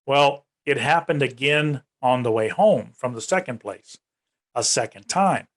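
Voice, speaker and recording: A man of middle pitch being interviewed on a podcast, telling a personal story in an easygoing, chatty way. He talks in long unbroken runs and jumps his voice upward whenever he acts out what someone else said. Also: a little slow. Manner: retells events in long runs, raising his pitch to act out quoted speech. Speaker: UFO research organization director, guest.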